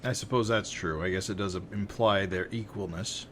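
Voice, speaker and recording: Deep-voiced man, thoughtful and measured. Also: fairly bright tone, a little hiss or hum. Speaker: podcast co-host. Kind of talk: casual comic-book chat.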